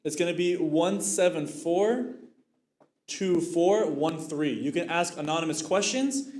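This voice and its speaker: A man hosting a mosque youth event, making quick upbeat announcements and sprinkling them with Arabic blessings. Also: on the high side, a little mellow. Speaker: event host. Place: mosque hall. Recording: echoey hall.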